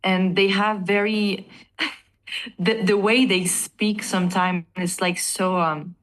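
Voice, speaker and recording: A woman with a French accent, chatting casually as a band vocalist in an interview, animated and laughing often. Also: medium pitch, slow. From France.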